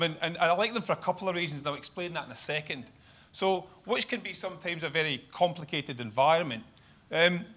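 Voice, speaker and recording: A man's voice: medium pitch, fairly bright tone. A man giving a workshop presentation at a seminar in a conversational, explaining manner. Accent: non-Australian. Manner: conversational, explains with diagrams, self-corrects. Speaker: guest speaker. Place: meeting room.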